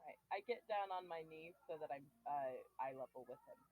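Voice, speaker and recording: A man's voice: fairly high pitch, fairly quick, a little mellow, no room sound, low-quality recording. A man playing in a tabletop game, telling in a laid-back way what his character does and says. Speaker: player. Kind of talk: casual tabletop game play. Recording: faint background noise.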